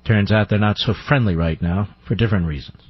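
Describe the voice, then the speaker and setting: A man's voice: on the low side, brisk, husky, lo-fi sound. A male radio talk show host giving combative, sarcastic commentary, firing off rhetorical questions. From United States.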